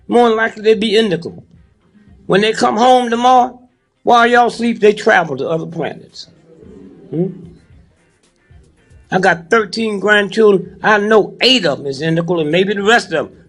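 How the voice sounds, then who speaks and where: A man's voice: high-pitched, fairly bright tone. A man in his eighties talking to a live audience in a preachy, joking way, keeps prodding the crowd with "huh?" and "hmm?". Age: 80s. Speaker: speaker addressing a live audience.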